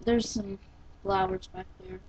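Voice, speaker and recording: A woman casually commenting on a video game she plays, sounding tired and rambling, with sudden excited squeals. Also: mid-range voice, a little slow, a little hiss or hum. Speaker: let's-play gamer. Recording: dull lo-fi recording with faint game music.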